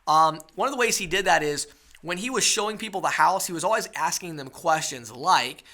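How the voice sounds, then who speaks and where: A man's voice: a little high, brisk, pushed and bright. A man teaching a webinar sales lesson, coaching his listeners and checking in with rhetorical questions. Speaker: sales trainer.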